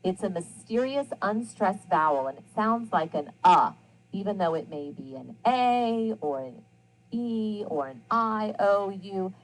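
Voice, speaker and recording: A woman's voice: medium pitch, expressive, measured pace, low-quality recording. A woman teaching a recorded grammar lesson, enunciating sounds and words with care and reading example sentences aloud with emphasis.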